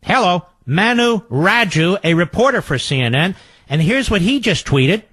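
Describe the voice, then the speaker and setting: A man's voice: high-pitched, expressive, moderate pace, fairly bright tone, slightly rough, no echo. A man hosting political talk radio, combative and sarcastic, often mocking his opponents in quoted voices.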